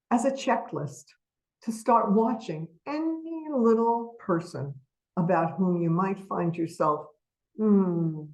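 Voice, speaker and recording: Slow, low-voiced woman lecturing. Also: creaky, a little mellow, rough recording. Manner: emphatic, asks the audience rhetorical questions. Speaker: webinar presenter. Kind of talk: educational webinar lecture.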